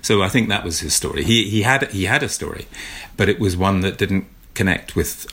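British male author-guest, low voice, dry wit, political commentary. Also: animated, a little fast, a bit bright. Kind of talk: casual interview chat.

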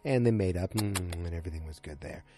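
A man's voice: sits low, fast talker, warm tone, soft background music. A man casually recapping a TV episode, rambling with lots of fillers and restarts.

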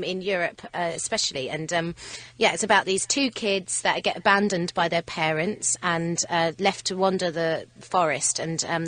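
A woman with an English accent is a guest on a radio show. She chats warmly and giggles between her answers, and the studio sound is dry and close. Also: on the low side, no room sound. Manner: friendly, giggly. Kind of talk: radio interview chat.

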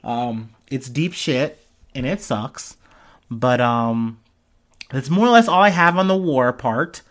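A young man talks through current events in a relaxed, rambling way. He fills his sentences with "um" and "like" and swears casually. His voice sits at a middle pitch. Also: takes it slowly. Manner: casual, profane, rambling with many fillers. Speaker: commentary host. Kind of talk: casual news commentary.

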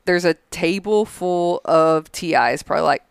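Podcast co-host, man in his thirties, loose profane chat, crisp dry voice. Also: fairly high pitch, moderate pace, dry recording. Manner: loose and profane, lots of "like" fillers. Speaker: podcast co-host, Air Force veteran. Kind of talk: casual chat.

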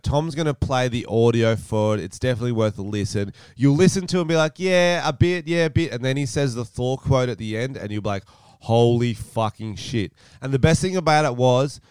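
A man's voice: mid-range voice, darkish tone, clear, resonant tone, dry recording, studio quality. A young Australian man, a comedian co-hosting a podcast, chatting in a joking, rambling way. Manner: joking, rambling, does voices. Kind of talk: casual chat.

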